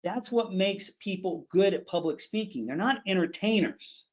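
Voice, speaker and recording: A middle-aged man leads a live online public speaking class, demonstrating phrases with sudden jumps in pitch and pace. His voice sits a little high for a man. The audio is dull and lo-fi, like a video call. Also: moderate pace. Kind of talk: live online training session.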